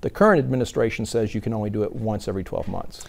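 A man's voice: on the low side, quick pace, creaky. A man, answering news interview questions earnestly and often restarting his sentences. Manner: earnest, repeats words when starting sentences. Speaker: insurance commissioner-elect.

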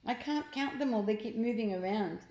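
An eager, quick-thinking young boy from a storybook, as a woman reader puts him on. The voice sits higher than her own, lifted and urgent. It rings in an echoey room. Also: a little mellow, lightly acted.

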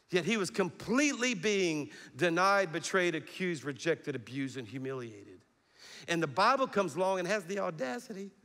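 Middle-aged male pastor, animated sermon, slightly high voice, big hall reverb. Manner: animated preaching with call-and-response. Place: large church hall. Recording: long reverb of a large hall.

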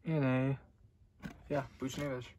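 A young man hosting a casual card-opening video, chatting loosely and getting excited at good pulls. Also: medium pitch, measured pace, background noise. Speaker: card-opening channel host.

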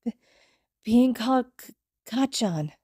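A woman's voice: high voice, lively intonation, moderate pace, dark tone, dry recording, clean studio sound, pitched above the performer's own voice. A woman voicing a sweet, earnest four-year-old boy who stammers when upset, in a fan audiobook reading. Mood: tearful.

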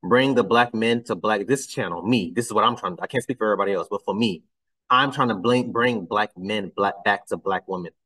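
A man's voice: fairly low pitch, brisk, bright, forceful tone, far from the mic, low-quality recording. A man hosting a casual reaction commentary, talking bluntly and getting exasperated, his voice climbing when he is incredulous. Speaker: commentary channel host.

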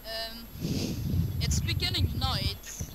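A man putting on a timid, hesitant voice for a chat partner, slow and full of ums. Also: very high-pitched, expressive, fairly bright tone, slight background noise, voice pushed up, full character voice.

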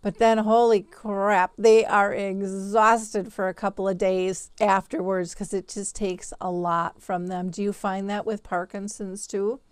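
A woman's voice: medium pitch, level tone, unhurried, few pauses, smooth, no room sound. A woman hosting an interview, asking questions in a conversational way with blunt asides. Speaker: host.

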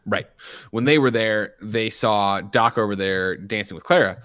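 A young adult man co-hosting a podcast, recapping a film in a rambling, animated way with lots of fillers. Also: on the low side, moderate pace, smooth, no room sound. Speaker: podcast co-host. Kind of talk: casual chat recapping a film.

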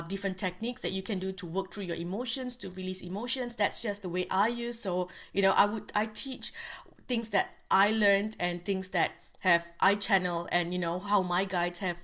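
A woman reading tarot cards and giving spiritual guidance, in a gentle, reassuring way with many fillers and restarts. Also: medium pitch. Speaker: tarot reader.

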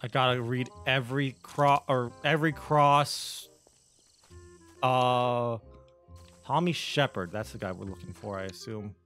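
A man's voice: mid-range voice, a little slow, fairly bright tone, faint music behind. A young man casually commenting on his gameplay, joking and rambling with plenty of fillers. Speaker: gaming video host.

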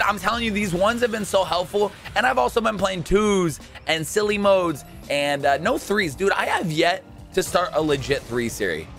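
A young man in casual, jokey gameplay commentary, excitable and quick to shout and laugh. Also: on the high side. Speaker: gaming YouTuber.

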